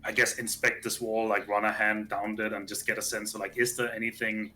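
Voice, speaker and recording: A man's voice: lowish voice, flat delivery, fairly quick, pushed and bright, rough recording. A man playing a tabletop game, eagerly describing what his character tries. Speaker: player. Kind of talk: casual tabletop game play.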